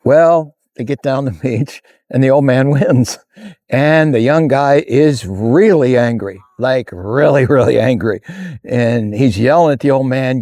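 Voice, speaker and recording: A man's voice: medium pitch, measured pace, dry recording. Folksy man telling a story. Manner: folksy, animated storyteller acting out dialogue. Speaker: motivational speaker. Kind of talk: storytelling talk to camera.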